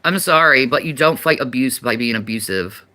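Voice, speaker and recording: A man's voice: medium pitch, normal speed, pushed and bright. A man talking defensively on a live stream, justifying himself in a casual way. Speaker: streamer in a played clip.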